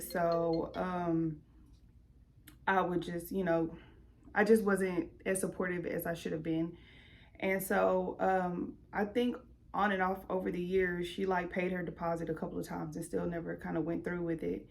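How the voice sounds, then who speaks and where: A woman's voice: fairly low pitch, level tone, measured pace, gravelly, slight background noise. A young adult woman vlogging in a candid, rambling way with many fillers, slightly out of breath. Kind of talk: casual chat. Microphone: camera mic.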